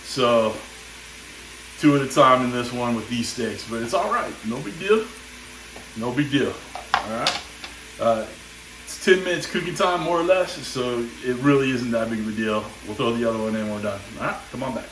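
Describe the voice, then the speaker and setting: A man's voice: mid-range voice, moderate pace, noisy background. A man hosting a casual cooking demo, easygoing and chatty, saying "all right" often while he grills. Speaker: cooking channel host. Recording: roomy echo.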